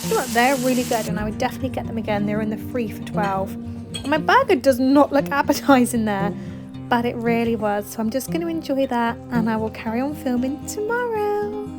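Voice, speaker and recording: Tired, chatty woman, higher voice. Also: a little fast, music in the background, low-quality recording. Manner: chatty and self-deprecating, often laughing. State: tired, a little out of breath. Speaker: vlogger, homemaker. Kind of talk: casual kitchen vlog chat.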